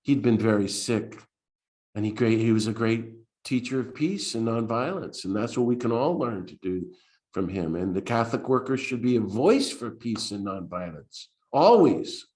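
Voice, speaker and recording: A man's voice: medium pitch, normal speed. A man with an American accent, a priest giving a spoken talk in an earnest storytelling way with frequent restarts. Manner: earnest storytelling with restarts and lively quoted voices.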